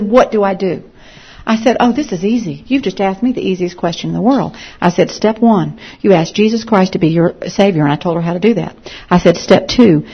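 Husky woman telling faith stories. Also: on the low side, dull audio. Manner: lively storyteller, acts out quoted dialogue. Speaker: Christian evangelist speaking to a group. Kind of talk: storytelling testimony.

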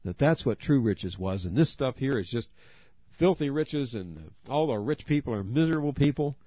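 Man, preacher, sermon, animated pitch, earnest, dry dull recording. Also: normal speed, no room sound. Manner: earnest, addresses listeners directly with questions.

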